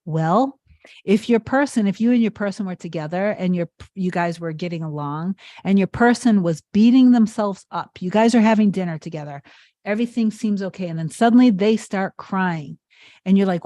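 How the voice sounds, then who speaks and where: Earnest female coach, emphatic, repetitive, mid-pitched, dry close livestream sound. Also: normal speed, mellow, no echo. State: tearful near the end. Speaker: manifestation coach hosting a live stream. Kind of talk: impassioned spiritual coaching on a livestream.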